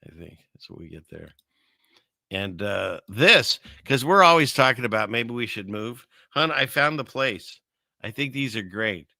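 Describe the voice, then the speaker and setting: A man hosting casual commentary on video clips, rambling and chuckling through his asides, with a gravelly voice. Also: mid-range voice, expressive, measured pace, sharp tone, no echo, studio quality. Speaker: host.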